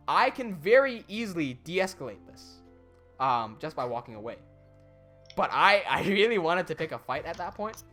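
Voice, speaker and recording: A young man telling a story in casual chat, animated, with quick asides and swearing. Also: a little high, faint music behind.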